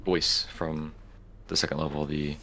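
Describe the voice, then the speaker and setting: A man narrating a tabletop game as game master, relaxed and halting, with many fillers. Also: very deep voice, slight background noise.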